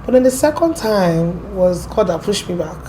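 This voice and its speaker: A woman with an American accent, from Port Harcourt, telling her story as an interview guest in a lively, animated way. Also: medium pitch, normal speed, slight background noise. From Port Harcourt, Nigeria. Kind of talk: casual storytelling.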